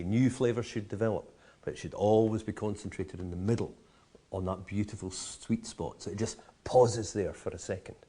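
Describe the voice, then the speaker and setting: A man's voice: fairly low pitch, a little mellow, slightly rough. A man teaching how to taste, enthusiastic and full of vivid comparisons and playful asides. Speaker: whisky educator. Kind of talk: explanatory tasting talk.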